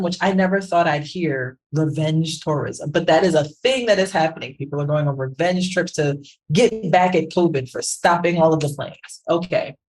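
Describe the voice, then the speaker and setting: A woman co-hosting a podcast, giving animated, conversational commentary and often checking in with "right?". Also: fairly low pitch, rough recording. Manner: animated, keeps asking "right?". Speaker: podcast co-host, branding professional.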